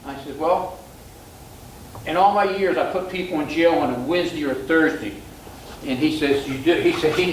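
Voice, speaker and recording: A man's voice: on the high side, a bit bright, slight background noise. An older man, a police sergeant, telling a story to a club and acting out what a judge and attorneys said to him. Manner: retells dialogue, acting out voices of judges and attorneys. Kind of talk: anecdotal storytelling talk. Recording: echoey room.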